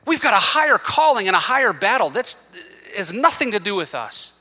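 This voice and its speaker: A man's voice: sing-song, brisk, sharp tone. Impassioned male pastor preaching in a reverberant hall. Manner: impassioned preaching that climbs to urgent, high-pitched emphasis; emotional, earnest. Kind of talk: sermon. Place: church sanctuary. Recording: long hall reverb from a church room.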